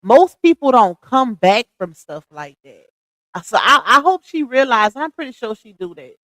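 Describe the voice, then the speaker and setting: A woman with a fairly high voice talks casually over a clip she is reacting to. She keeps turning to speak straight to her viewers. Her voice sounds dry and close to the mic. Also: very animated, moderate pace, a bit bright, no echo, rough recording. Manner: chatty, addresses viewers directly. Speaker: reaction channel host.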